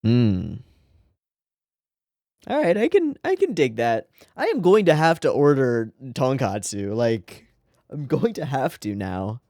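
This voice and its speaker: A man's voice: mid-range voice, sing-song, a little slow, a little mellow, dry recording, clean studio sound. A man hosting an anime reaction channel, giving casual commentary with short murmured interjections and wry asides.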